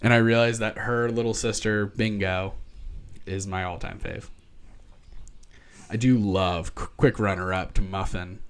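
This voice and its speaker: A man's voice: fairly low pitch, measured pace, pauses often, clear, resonant tone. A man co-hosting a casual podcast, telling stories with frequent laughter and casual swearing. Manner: laughs often, swears freely, animated storytelling. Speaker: podcast co-host. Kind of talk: casual chat.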